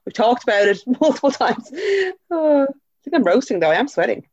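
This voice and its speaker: A young Irish woman co-hosting a podcast, quick and wry with teasing asides. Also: fairly high pitch, expressive, a little mellow, no room sound. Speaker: podcast co-host. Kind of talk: casual chat. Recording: dry, slightly dull sound.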